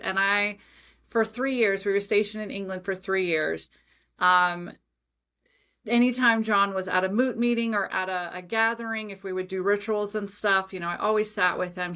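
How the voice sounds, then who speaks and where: A young adult woman talks casually on her podcast, rambling through a personal story. She keeps adding asides and fillers, and her voice has an ordinary, middle pitch. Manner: chatty, animated storytelling with many asides and fillers. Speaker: podcast host.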